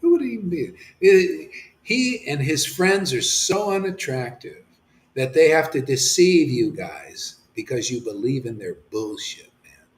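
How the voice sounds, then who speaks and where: A man preaching an impassioned sermon as a spiritual teacher, swinging from shouts to hushed near-whispers and dropping casual slang. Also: fairly high pitch, very animated, unhurried. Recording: roomy echoey room.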